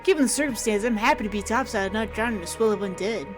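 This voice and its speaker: A woman's voice: mid-range voice, fast, over music, close to an everyday voice. Brief: woman playing a chill surfer priest in a mystery game, upbeat, full of dude and bro slang. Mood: laid-back.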